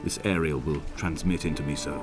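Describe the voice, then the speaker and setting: A brooding lonely island narrator. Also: male voice, a bass voice, steady tone. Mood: melancholy. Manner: somber, reflective, measured. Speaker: game narrator. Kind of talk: scripted narration. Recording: game audio with loud music.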